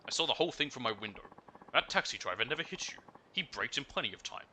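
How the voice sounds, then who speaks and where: A man voicing a calm, firm older male witness in a crime game, speaking in a matter-of-fact way. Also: mid-range voice, quick pace, slight background noise, pitched above the performer's own voice, rough recording.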